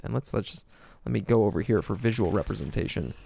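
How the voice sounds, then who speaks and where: A man's voice: on the low side, quick pace, creaky, mellow, husky. A male streamer in casual livestream chat, laid-back and profane with joking asides, reading his own script aloud.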